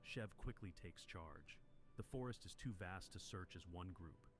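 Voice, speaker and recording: A man narrating a story in a steady, dramatic scripted way. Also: low-pitched, measured pace, a little hiss or hum.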